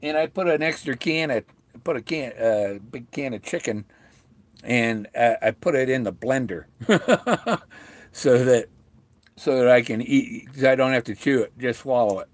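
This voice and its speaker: A middle-aged man chatting on a home livestream, halting and full of restarts, talking with a sore mouth after tooth extractions. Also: mid-range voice, no room sound. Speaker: vlogger talking to live viewers. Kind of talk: rambling casual livestream chat. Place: at home, indoors.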